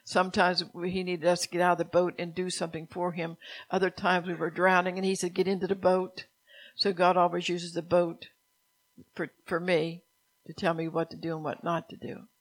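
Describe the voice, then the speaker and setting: A woman's voice: fairly low pitch, completely flat delivery, normal speed. Woman preaching a sermon on faith. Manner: preaching with scripture readings, voicing God's words softly.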